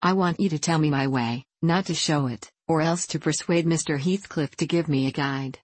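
Woman narrator as formal indignant gentleman, low and dry. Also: moderate pace, dry recording. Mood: pleading. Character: haughty, indignant gentleman tenant. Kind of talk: audiobook reading.

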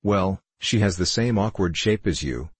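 A man's voice: low voice, expressive, moderate pace, husky, dry recording. A man reading as a blunt, condescending talking rose in a storybook. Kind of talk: audiobook reading.

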